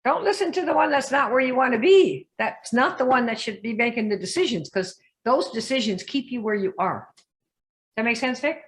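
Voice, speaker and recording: A woman coaching a group in a lively live session, often asking her listeners questions and acting out the voices she quotes. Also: fairly high pitch, moderate pace. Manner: emphatic, asks the audience questions, acts out quoted voices. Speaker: business coach.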